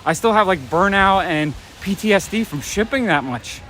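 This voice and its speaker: A New man with a fairly high voice rambles casually as he walks and streams from his phone. He sounds a little short of breath at times. Faint street traffic hums behind him outdoors. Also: expressive, normal speed, sharp tone. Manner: rambling, talks while walking, out of breath at times. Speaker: comic shop owner vlogger. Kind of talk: casual live-stream walk and talk. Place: outdoors on a rainy city street at night.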